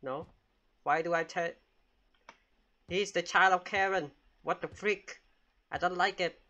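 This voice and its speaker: A man's voice: high-pitched, steady tone, measured pace, pushed and bright, lo-fi sound. A man giving jokey, casual commentary while playing a game and talking back to it with frequent exclamations. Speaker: gamer.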